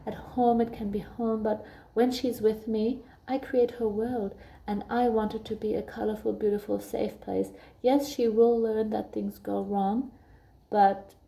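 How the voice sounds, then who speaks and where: A young woman speaks in an earnest, gentle way, reflecting on parenting for her viewers. Her voice is very dark and mellow, with a noticeable gravelly fry. She talks at a medium pitch, like she is confiding in a friend. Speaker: parenting vlogger. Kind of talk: reflective personal talk.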